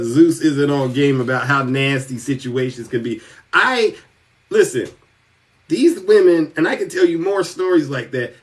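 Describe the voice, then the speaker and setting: A man hosting a show, telling a comic story in an animated way and calling himself by name. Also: fairly high pitch, far from the mic. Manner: animated, refers to himself in the third person. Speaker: podcast host. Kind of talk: comedic storytelling monologue.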